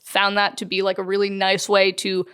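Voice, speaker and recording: A woman's voice: mid-range voice, monotone, normal speed, a bit bright, smooth. A woman in her twenties, a podcast guest chatting casually, laughing often and restarting her sentences. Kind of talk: casual chat.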